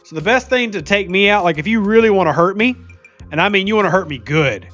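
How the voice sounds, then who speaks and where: A man's voice: high-pitched, expressive, quick pace, a bit bright, dull audio, faint music behind. A man streaming a mobile game, chatting casually and jokingly while reading viewer comments aloud. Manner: chatty, jokey, laughs often, reads viewer comments aloud. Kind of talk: casual live-stream chat while playing.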